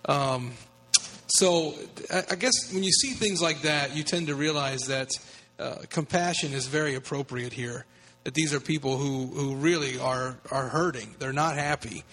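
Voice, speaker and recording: A man's voice: medium pitch, normal speed, fairly bright tone. A man from the United States, a guest telling a personal story in an earnest, conversational way. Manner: earnest, with frequent restarts. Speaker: guest speaker on evangelism.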